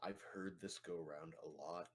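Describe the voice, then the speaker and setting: A man playing a tabletop game, speaking in a deliberate, low-key way. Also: steady tone, fairly bright tone. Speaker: player. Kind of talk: tabletop role-play in character.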